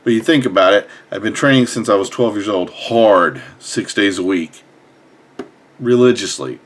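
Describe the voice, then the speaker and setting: A man's voice: lowish voice, normal speed. A young man, telling a personal story in a casual, blunt, profane way. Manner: blunt, profane, animated retelling. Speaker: fitness vlogger.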